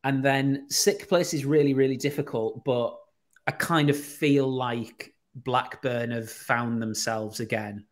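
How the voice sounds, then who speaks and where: Speaking at a measured pace in a mid-range voice, a chatty Teesside man tells casual anecdotes. He brings his stories to life by acting out the voices he quotes, drawing on his work as a radio presenter and podcast guest.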